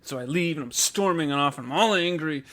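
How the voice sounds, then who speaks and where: A man's voice: fairly high pitch, brisk, a bit bright, a little hiss or hum. A man co-hosting a podcast, telling a story in casual chat, acting out the people he quotes and swearing freely. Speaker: podcast co-host.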